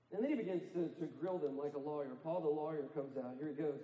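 A man pastor preaches with a high, warm-toned voice, animated and emphatic. His words ring out through a roomy church hall with a long reverb tail. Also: fast. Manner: animated, rising to emphatic near-shouts, laughs at own jokes. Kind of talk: sermon. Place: church sanctuary.

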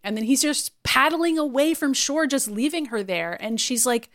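Animated woman retelling a cartoon episode. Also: sits high, moderate pace, few pauses. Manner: animated retelling, acting out lines, swearing, laughing. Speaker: podcast co-host. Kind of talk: casual recap chat.

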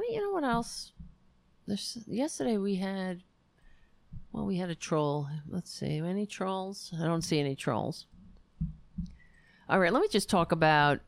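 A woman's voice: on the low side, smooth, no echo. A woman hosting a livestream, talking casually about politics in a blunt, profane and sarcastic way. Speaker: livestream host.

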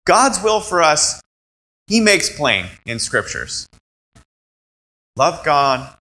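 A man preaching a sermon as a pastor, animated and acting out quoted voices. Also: on the high side, extremely slow, pauses often, rough recording.

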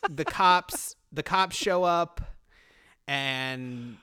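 A man's voice: fairly high pitch, very slow, sharp tone, clean tone, dry recording, studio quality. A man co-hosting a podcast, sarcastically recapping a movie in a rambling way with lots of restarts. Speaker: podcast co-host. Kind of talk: casual movie recap chat.

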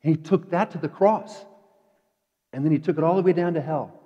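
A man preaching a sermon in a conversational way, dropping to quiet asides and rising to emphatic peaks. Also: fairly high pitch, a little fast. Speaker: pastor. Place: church sanctuary. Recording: dull echoey church hall.

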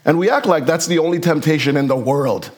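A man preaching a sermon in a conversational, animated way, acting out Bible characters with casual asides. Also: fairly high pitch, a little fast. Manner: conversational, uses slang and fillers. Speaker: pastor.

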